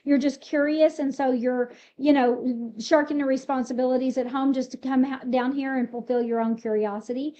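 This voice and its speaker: A woman's voice: high voice, fairly even intonation, normal speed, hardly any pauses, dark tone, dull audio, close to an everyday voice. A woman voicing Eliab, an irritated older brother scolding his sibling, in a Bible retelling. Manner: scolding, reproachful.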